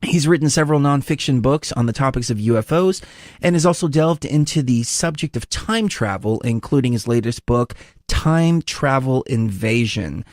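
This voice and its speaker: Animated male podcast host. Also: mid-range voice, normal speed, no room sound, clean studio sound. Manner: animated, rambling storyteller. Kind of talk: casual interview chat.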